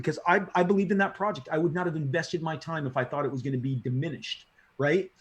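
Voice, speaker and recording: Speaking quickly and on the high side, this middle-aged comic book creator gets excited telling stories in a casual interview. His talk is slangy and turns repetitive as he warms up.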